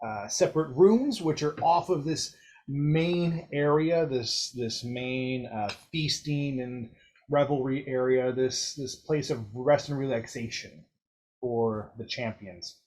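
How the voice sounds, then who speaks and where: A man's voice: medium pitch, slow, darkish tone. A man narrating a tabletop game as game master, chatty and descriptive, with fillers and light laughter between lines.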